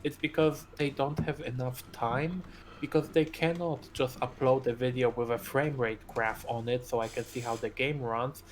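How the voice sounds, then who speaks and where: A man's voice: mid-range voice, steady tone, moderate pace, slight background noise. A man co-hosting a casual gaming stream, ranting with heavy profanity and strong opinions.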